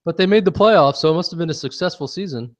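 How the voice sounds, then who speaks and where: A man co-hosting a sports podcast, sarcastic and quick to swear. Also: fairly high pitch. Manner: sarcastic, profane. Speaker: podcast co-host. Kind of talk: casual sports talk.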